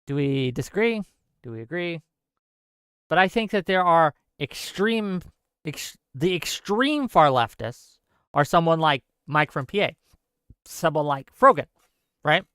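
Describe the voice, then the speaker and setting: A man hosting a political livestream, his voice smooth and crisp on a close mic. He speaks with passion, says points twice over and keeps asking his audience "right?" The sound is dry, with hardly any room around it. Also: fairly high pitch, very animated, unhurried, pauses often, a bit bright, no echo. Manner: impassioned, repeats himself for emphasis; checks in with listeners with "right?". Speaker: livestream host.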